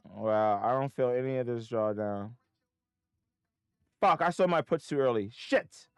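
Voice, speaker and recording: A man's voice: medium pitch, a little slow, clear, resonant tone, dry recording, studio quality. A man streaming live market trades, muttering to himself and breaking into frustrated, swearing outbursts. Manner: self-critical, talking to himself.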